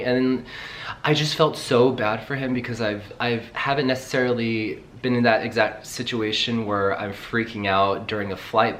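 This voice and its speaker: Rambling, excitable young man vlogging. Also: lowish voice, a little hiss or hum. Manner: rambling, excitable, swears casually. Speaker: travel vlogger. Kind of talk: casual vlog chat.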